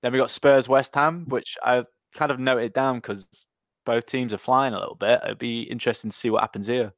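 A man's voice: mid-range voice, fairly even intonation, fairly quick, no room sound. Young male host, blunt and sweary, dry close-mic sound. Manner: blunt, sweary, calls people mate. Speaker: podcast host. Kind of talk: casual football chat.

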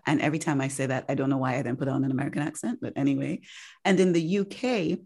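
A woman's voice: low-pitched, fairly quick, a little mellow. A woman hosting a casual podcast chat, chatty and emphatic, often laughing. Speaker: podcast host.

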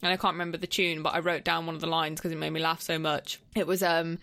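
A woman's voice: low voice, flat delivery, quick pace, creaky, hardly any pauses, a bit bright. A woman co-hosting a podcast, chatting enthusiastically about a film with frequent laughs and "like" fillers. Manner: giggly and enthusiastic, many "like" fillers. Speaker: podcast co-host. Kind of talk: casual film review chat.

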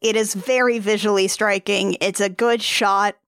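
A woman's voice: medium pitch, steady tone, normal speed, a bit bright, clean tone, dry recording, studio quality. A woman co-hosting a podcast, recapping a movie in a wry, jokey way and acting out the characters' lines. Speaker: podcast co-host. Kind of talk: casual movie-recap chat.

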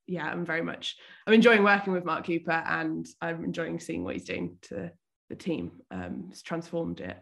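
A woman's voice: deep voice, vocal fry, a bit bright. A woman guest in a casual football chat, cheerful, laughing and diplomatic.

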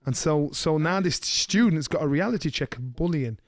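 Animated man telling a story. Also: a little high, fairly quick, no room sound, clean studio sound. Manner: animated storyteller, slips into voices of people he quotes. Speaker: podcast co-host. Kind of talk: casual storytelling chat.

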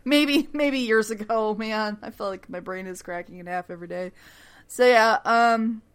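A woman's voice: a little high, normal speed, clear, resonant tone. A woman co-hosting a podcast in casual chat, rambling, swearing and laughing often. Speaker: podcast co-host.

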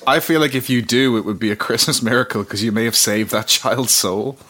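A man co-hosting a comedic podcast, reading mock sponsor messages with a deadpan, sardonic delivery and frequent laughter. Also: mid-range voice, a little fast. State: slightly tipsy. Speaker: podcast co-host.

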